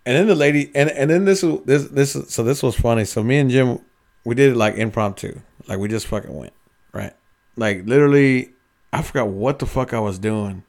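A man's voice: mid-range voice, a little fast, a little mellow. A man telling rambling, profanity-filled stories as a podcast co-host in casual chat.

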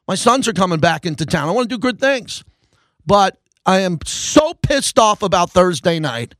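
A man hosting a sports talk radio show into a studio microphone, ranting and fired up, swinging between loud bursts and low grumbles. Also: no echo.

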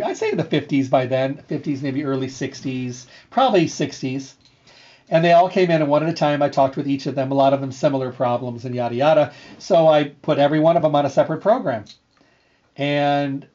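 A middle-aged man hosting a health show, telling a story in an earnest, repetitive way with lively energy. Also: fairly high pitch. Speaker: radio show host and health food store owner. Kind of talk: casual storytelling monologue. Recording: slightly dull, lo-fi sound.

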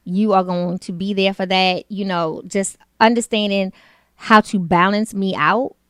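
A woman's voice: medium pitch, steady tone, measured pace, smooth, no room sound, clean studio sound. Playful slangy woman co-host. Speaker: podcast co-host. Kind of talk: casual chat.

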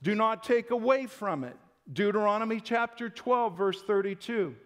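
A man's voice: sits high, lively intonation, moderate pace, a bit bright. A male pastor preaching a Sunday-morning sermon in an emphatic, conversational way.

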